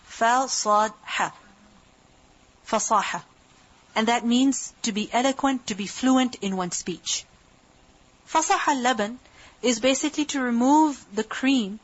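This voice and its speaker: A woman giving a scripture lesson, asking her class questions and answering them herself, moving between recited verses and English explanation. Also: fairly high pitch. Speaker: Quran teacher. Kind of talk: tafseer lecture. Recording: muffled lo-fi lecture recording.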